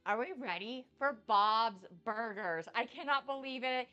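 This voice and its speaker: A woman cooking on a live stream, chatting in an excitable, bubbly way with a slight lisp. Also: on the high side, normal speed, few pauses, smooth, lo-fi sound, soft background music. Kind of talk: casual live-stream chat.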